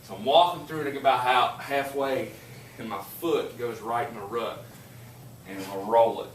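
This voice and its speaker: A male teacher, talking to a classroom and spinning a story with plenty of energy. He is picked up from across an echoey room, and the recording carries a steady background noise. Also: medium pitch, normal speed. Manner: animated storyteller, laughing while telling. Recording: echoey classroom from far off, noisy.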